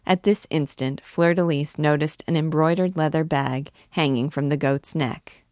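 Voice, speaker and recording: A woman reading a classic novel aloud in a measured, expressive storytelling manner. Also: low-pitched, no echo, studio quality. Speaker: reader.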